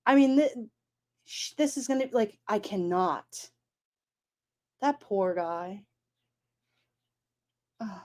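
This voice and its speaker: A woman chatting casually on a live stream, animated and incredulous, often exclaiming. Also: medium pitch, slow pace, pauses often. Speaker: streamer talking true crime.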